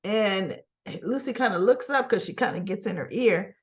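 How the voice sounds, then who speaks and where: A woman's voice: medium pitch, moderate pace, lo-fi sound. A woman casually recapping a soap opera episode, acting out the characters' lines as she retells each scene.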